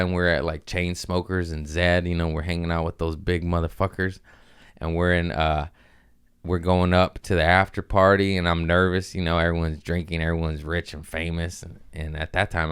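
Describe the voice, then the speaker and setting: Male podcast host, smooth resonant voice, loose profane comedic rambling. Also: deep voice, fairly bright tone, dry recording, clean studio sound. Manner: rambling, profane, jumps into quick mock voices. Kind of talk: casual comedic monologue.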